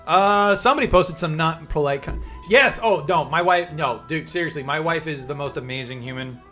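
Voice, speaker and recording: A man's voice: fairly high pitch, moderate pace, pushed and bright, soft background music. A man in his forties, streaming live and chatting casually, upbeat and calling viewers by name.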